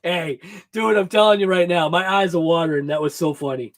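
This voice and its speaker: High-voiced, excitable hobby show host. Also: male voice, fairly quick. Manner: excited, rambling and laughing often. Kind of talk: casual live-stream chat with viewers. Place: home garage workshop.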